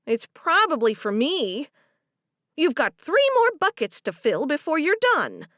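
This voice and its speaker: A woman voicing a brisk, take-charge older woman who talks high and firm in an audiobook. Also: huge pitch swings, a bit bright, dry recording, clean studio sound, exaggerated voice. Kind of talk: audiobook character voice.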